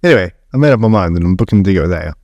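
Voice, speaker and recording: Laughing Australian man, low voice. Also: racing, no room sound, muffled recording. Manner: laughing, swearing, animated storytelling. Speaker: podcast co-host. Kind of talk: casual chat.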